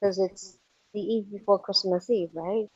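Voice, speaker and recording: A woman's voice: mid-range voice, fairly even intonation, a little slow, darkish tone, husky, lo-fi sound. A woman calling into a talk show, ranting indignantly with sarcasm and rhetorical questions. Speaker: caller. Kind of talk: angry political call-in rant.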